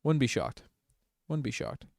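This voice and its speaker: A man giving casual, partisan play-by-play on a fan livestream, moving from low mutters to loud excited shouts. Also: unhurried, gravelly. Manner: excitable, swings from mumbling to shouting. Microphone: desk microphone.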